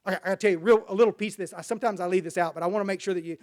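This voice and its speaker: A man's voice: high voice, steady tone, very fast, darkish tone. A man from Dallas, Texas, telling his personal recovery story at a meeting in a folksy, rambling way with many restarts.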